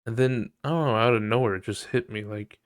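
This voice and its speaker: A man hosting a casual solo podcast, rambling and swearing, now and then mocking people in high put-on voices. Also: steady tone, fairly quick, clean tone, dry recording, studio quality. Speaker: podcast host. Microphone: desk mic on voice chat.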